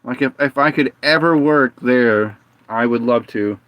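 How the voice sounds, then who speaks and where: Male streamer, mid-pitched, telling loose rambling stories; close dry mic with a dull lo-fi tone. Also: unhurried, dry recording. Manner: rambling anecdotes with many fillers and restarts. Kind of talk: casual storytelling chat.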